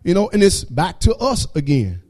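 A man's voice: high voice, wildly swooping pitch, moderate pace, darkish tone. A man giving a fervent church testimony with a repetitive preaching cadence.

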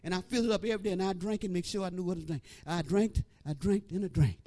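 A middle-aged woman preacher giving an animated testimony, breaking into praise and shouting at the peaks. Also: lowish voice, fast. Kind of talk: testimony sermon.

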